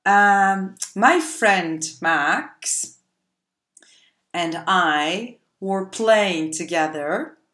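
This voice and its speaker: A woman teaching young children phonics, stretching each letter sound very slowly. She speaks in a gentle storytelling way, and her voice echoes in a roomy space. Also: on the low side, lively intonation. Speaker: preschool teacher.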